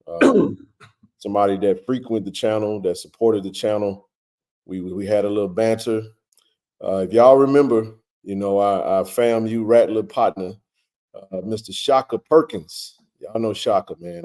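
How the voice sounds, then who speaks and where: A man hosting a casual live stream, greeting viewers by name with a relaxed, filler-heavy way of talking. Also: fairly low pitch.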